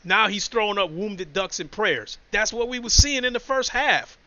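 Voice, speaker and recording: Man with a high, bright voice, blunt casual sports rant, muffled and dry. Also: expressive, normal speed, no room sound. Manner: blunt, profane, emotional storytelling. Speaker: sports commentator.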